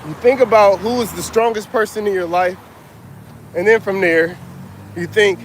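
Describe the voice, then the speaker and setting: Middle-aged coach, high voice, winded, livestreaming by a busy street with faint traffic behind. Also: male voice, steady tone, moderate pace. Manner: casual, reads out viewer names. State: out of breath. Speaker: motivational coach. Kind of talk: outdoor livestream talk. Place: outdoors by a street. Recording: faint street noise outdoors.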